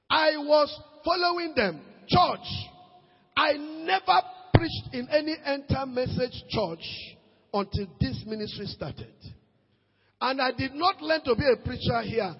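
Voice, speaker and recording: A Nigerian man preaching a sermon as pastor, swinging between shouted peaks and low asides, slipping into Pidgin. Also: expressive, slow pace, in a large hall, lo-fi sound. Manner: preaches with sudden shouted rises and quiet drops, mixes in Pidgin.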